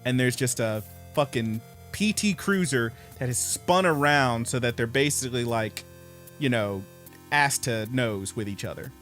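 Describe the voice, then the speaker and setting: Man, podcast co-host, casual cussing storyteller, mid pitch, faint music behind. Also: measured pace. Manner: animated storyteller, swears, acts out quoted voices.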